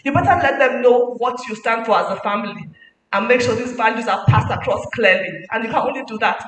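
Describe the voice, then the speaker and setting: A woman delivers a lively motivational talk, her bright, forceful voice carrying through an echoing hall. She sounds set back from the mic, with a faint hum of noise behind her. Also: on the high side, a little fast, recorded from a distance. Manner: animated, preachy, mixing in laughs. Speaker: guest speaker at a parenting summit.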